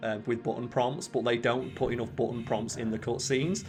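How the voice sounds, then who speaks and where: A man's voice: medium pitch, steady tone, moderate pace, darkish tone, faint music behind. Rambling, swearing let's play host man. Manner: chatty, rambling, swears freely. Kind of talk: casual gaming chat.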